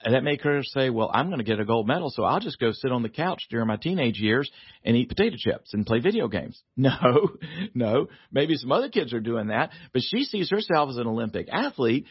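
A man, a guest author on a radio talk show, telling a family story in a lively way, laughing often and acting out the voices. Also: medium pitch, brisk, breathy edge, no room sound, lo-fi sound.

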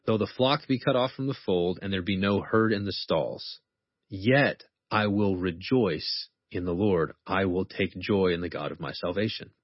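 Earnest male professor guest, low husky voice, reads scripture with deliberate weight; dry, dull recording. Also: no room sound. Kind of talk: conversational teaching on faith.

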